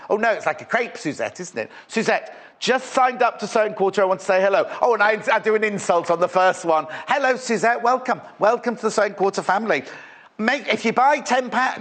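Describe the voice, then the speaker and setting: High-voiced man selling on TV. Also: a bit bright. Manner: chatty, rambling sales patter. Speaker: shopping channel presenter. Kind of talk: live TV sales chat. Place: TV studio.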